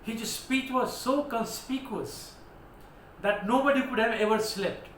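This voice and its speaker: Indian guy teaching english words, high voice, really emphatic, roomy echo + a little noise. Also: unhurried, fairly bright tone. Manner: emphatic, declamatory, spells words out letter by letter. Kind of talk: vocabulary lesson. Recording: echoey room with faint background noise.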